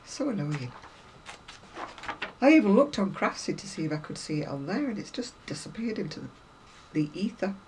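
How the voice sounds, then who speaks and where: A woman's voice: on the low side, big pitch swings, moderate pace, long pauses, a little mellow, a little hiss or hum, low-quality recording. A woman chatting casually to viewers about craft magazines, rambling and self-deprecating, a little unwell. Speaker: craft vlogger.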